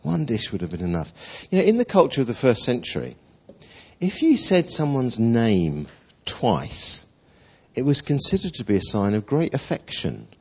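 A man preaching a sermon in an animated storytelling way, acting out quotes. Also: medium pitch, normal speed, slightly rough. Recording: dull lo-fi recording.

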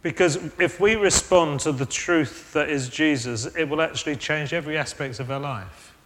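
A man delivers a sermon in a slightly high, earnest voice. He reasons aloud and often restarts his sentences. His words ring out with the long reverb of a large hall. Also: moderate pace, a bit bright. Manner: earnest, thoughtful, with frequent restarts. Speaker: preacher.

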